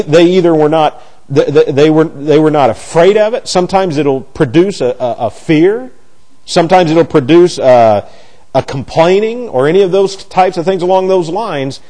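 A middle-aged man with a fairly high, warm voice teaches a Bible class. His delivery is halting, as he often stumbles and repeats words while hunting for the right phrasing.

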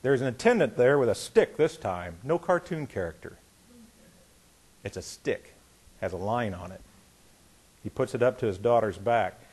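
Male pastor, middle-aged, preaching conversationally and voicing the people in his stories, mid-pitched voice. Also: moderate pace, pauses often, husky. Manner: conversational, animated, acts out quotes. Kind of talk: sermon with storytelling.

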